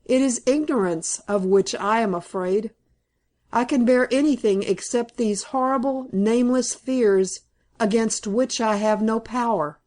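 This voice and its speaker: A woman's voice: a little high, a little mellow, lightly acted. A woman reading aloud, voicing a fearful young woman urgently pleading with her father.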